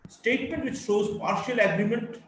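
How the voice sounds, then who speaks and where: A man's voice: extremely high pitch, normal speed, fairly bright tone. A male college lecturer from India with a Bengali-influenced Indian English accent, giving a recorded lecture and reading out terms and examples one after another. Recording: echoey room, from a distance, faint background noise.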